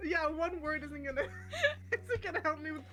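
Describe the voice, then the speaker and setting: A young woman chats playfully on a game stream, often breaking into laughter. Her voice sits high and leaps around in pitch. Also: lively intonation, moderate pace, fairly bright tone. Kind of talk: casual chat while playing a game.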